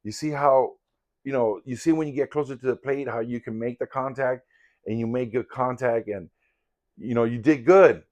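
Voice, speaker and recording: A man's voice: mid-range voice, moderate pace, a little mellow. An older man telling a personal story in a casual, rambling, candid and reflective way. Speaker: vlogger in sobriety recovery.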